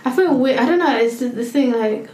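A young woman talks on a podcast, pausing and searching for words as she goes. Her voice is a little high, and she sounds like she's in an echoey room. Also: expressive, darkish tone. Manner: hesitant, halting, many "um" fillers. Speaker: podcast co-host. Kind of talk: casual podcast chat.

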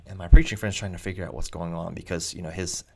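A man, a preacher hosting his own vlog, telling anecdotes in a chatty, animated way with frequent restarts. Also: deep voice, fast, creaky. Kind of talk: casual anecdotal storytelling.

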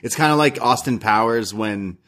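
A man's voice: fairly low pitch, moderate pace, a bit bright. A man co-hosting a wrestling podcast, giving his opinions in rambling, jokey casual chat. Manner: rambling, jokey, many fillers.

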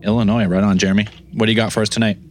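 A man's voice: fairly low pitch, level tone, rapid-fire, a little mellow, a little hiss or hum. A man hosting a call-in podcast, talking casually and swearing now and then. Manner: laid-back, swears casually. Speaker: podcast host taking calls.

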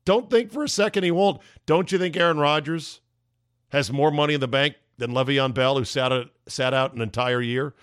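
A man hosting a podcast, delivering an emphatic, ranting opinion monologue with sarcastic asides, his voice going hoarse. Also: mid-range voice, normal speed, fairly bright tone, dry recording, clean studio sound. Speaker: podcast host.

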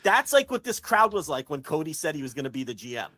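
A man's voice: fairly high pitch, sing-song, fast talker, pushed and bright. A man co-hosting a wrestling podcast, talking bluntly and at length in casual, profane chat with frequent restarts.

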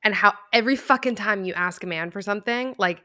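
A woman's voice: mid-range voice, fast, bright, forceful tone. A woman co-hosting a podcast in casual chat, talking bluntly and swearing freely. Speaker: podcast co-host.

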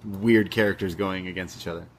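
A man's voice: low-pitched, fairly even intonation, brisk, a little hiss or hum. Jokey male podcast co-host. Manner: jokey, laughing, chatty reactions. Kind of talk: casual banter about a wrestling show.

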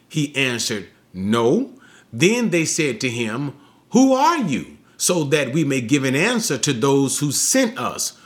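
A Bible teacher delivers an expository lesson, working through a passage step by step and often checking in with his listeners. His voice is mid-range and a bit bright.

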